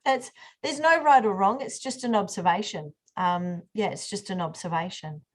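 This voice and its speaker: A woman's voice: mid-range voice, normal speed. Woman, workshop host on a video call, chatty, lots of ums and restarts. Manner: chatty, many fillers and restarts. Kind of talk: online group workshop.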